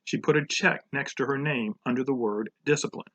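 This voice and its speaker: A man reading a chapter book aloud to children in a relaxed, informal way. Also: mid-range voice, a little fast. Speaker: program director reading to children.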